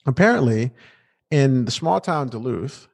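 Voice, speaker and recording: A man chatting casually as a podcast co-host, recapping an episode. His pitch swings widely as he tells it, playful and quick to joke, with frequent restarts. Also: lively intonation, creaky.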